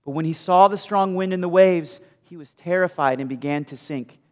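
Animated male pastor in an echoing hall. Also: high-pitched, normal speed. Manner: animated storytelling, shifts between loud bursts and hushed asides. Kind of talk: sermon. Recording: long hall reverb.

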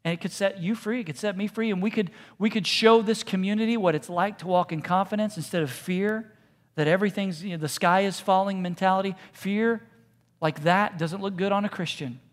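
A man preaching a sermon as pastor, talking casually and with humor, then softening to quiet, hushed repetitions. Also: high voice, a little fast. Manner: conversational, joking preaching that drops to soft, hushed repetitions. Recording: long reverb in a large hall.

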